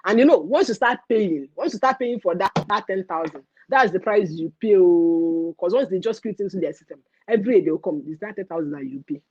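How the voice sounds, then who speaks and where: A young woman with a Nigerian accent hosting a casual livestream rant, animated and mixing in pidgin phrases. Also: lowish voice, fairly quick, husky, no room sound, lo-fi sound. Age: young adult. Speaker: livestream host.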